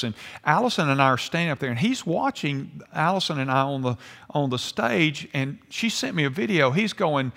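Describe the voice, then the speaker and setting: An older man preaching a sermon, swinging between hushed and emphatic delivery. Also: fairly high pitch, creaky. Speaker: pastor. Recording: long hall reverb.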